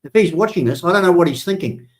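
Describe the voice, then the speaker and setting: A man's voice: sits high, expressive, fast. A man hosting a live stream, ranting in a threatening, profane and emphatic way.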